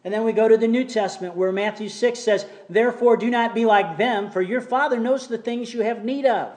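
A man preaching a sermon in a church, reading scripture slowly and telling a story between verses, sometimes dropping almost to a whisper. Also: sits high, darkish tone. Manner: reads scripture slowly, tells jokes, drops to near whisper. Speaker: pastor. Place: church sanctuary.

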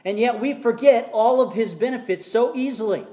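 A man preaching a sermon in a church, reading scripture slowly and telling a story between verses, sometimes dropping almost to a whisper. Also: very high voice, dark tone. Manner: reads scripture slowly, tells jokes, drops to near whisper. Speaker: pastor. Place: church sanctuary.

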